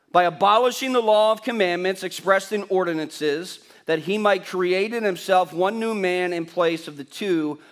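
High voiced guy preaching a sermon in church, emphatic, keeps repeating his point. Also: fairly bright tone. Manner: emphatic, repeats key phrases, asks the congregation questions. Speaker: pastor. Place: church sanctuary.

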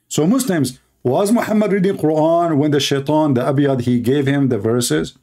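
A man's voice: a little high, moderate pace, few pauses, a little mellow. A man hosting a live stream, mocking and sarcastic, in broken English. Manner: sarcastic, mocking, non-native English grammar. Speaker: debate stream host.

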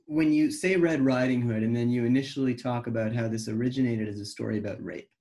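A male podcast host speaking at a middle pitch. He thinks out loud in long, winding sentences, picking up on what his guest has just said. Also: fairly even intonation, fast. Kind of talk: conversational interview.

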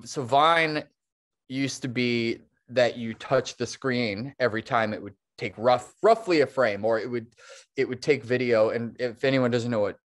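A man talking as a guest on an interview podcast, telling stories from his work as a stop motion animator. His delivery is loose and rambling, with a middling pitch and frequent laughs. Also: moderate pace. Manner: long-winded, chatty, laughs often. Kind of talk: casual interview chat.

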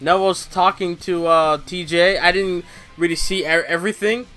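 A man's voice: high-pitched, fairly even intonation, moderate pace, sharp tone. A young man casually recapping a wrestling show in slangy, rambling talk full of fillers.

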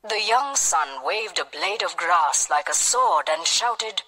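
Slow, bright-voiced woman telling a storybook tale. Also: lowish voice, lively intonation. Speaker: narrator. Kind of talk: storybook narration. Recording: long hall reverb.

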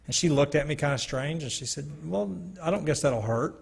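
A man's voice: fairly high pitch, animated, fairly quick, gravelly, husky. A man giving an earnest personal testimony to a gathering, telling a story with quoted dialogue. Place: church hall or meeting room. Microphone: handheld or stand mic, sometimes stepping away.

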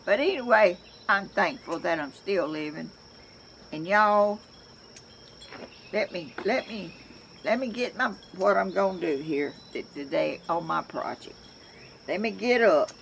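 An older Georgia woman with a Southern accent rambles homily to camera as a crafts vlogger, outdoors at home, frequently restarting her sentences. Her lowish, gravelly voice keeps a measured pace and pauses often, over a little hiss or hum.

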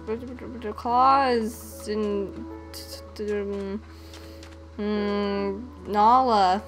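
Slow-talking playful young woman. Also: on the high side, faint music behind. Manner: playful, sings and hums to herself. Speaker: gaming channel host. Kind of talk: casual gameplay commentary.

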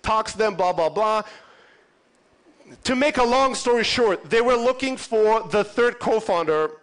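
A man's voice: high voice, expressive, measured pace, a bit bright. A man from Europe in his thirties giving a conference keynote, telling stories in a punchy, profane way and acting out the dialogue. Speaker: conference speaker. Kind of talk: animated storytelling keynote. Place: conference stage.

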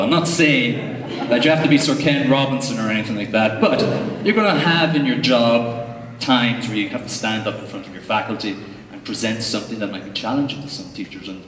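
A man's voice: medium pitch, a bit bright. A young man with an Irish accent talks to a conference crowd in a loose, joking way, with plenty of ums and asides. He sounds distant from the mic, and his voice rings around a large, reverberant hall. A faint hum sits underneath. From Ireland. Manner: jokey, chatty, lots of fillers. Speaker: conference speaker, tech coach. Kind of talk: humorous conference talk. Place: large hall before an audience. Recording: echoey hall recording from far off.

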